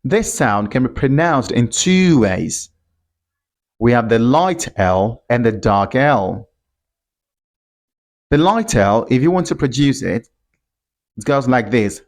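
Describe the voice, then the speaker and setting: Guy teaching pronunciation super slowly, repeats sounds over and over, keeps asking right?. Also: medium pitch, animated. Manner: drills sounds by repeating them, stretching and exaggerating; checks in with "right?". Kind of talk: slow, deliberate pronunciation lesson.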